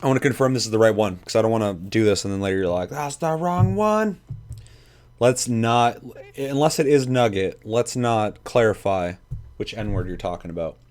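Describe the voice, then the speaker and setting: A man's voice: fairly low pitch, fairly quick, a little mellow. A man streaming casually, swearing a lot and rambling at his chat as he sets up a video. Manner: profane, rambling, talks to chat. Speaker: gaming streamer.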